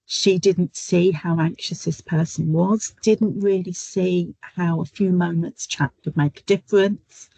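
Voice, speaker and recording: A middle-aged woman speaking on a webinar, telling stories from her nursing work in a chatty way and pausing on frequent ums. Her fairly low voice has a gravelly, husky texture. The video-call sound is dry and close. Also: steady tone, mellow, no room sound, low-quality recording. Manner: chatty, storytelling, frequent "um" fillers. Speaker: guest speaker, nurse educator. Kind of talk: webinar talk with anecdotes.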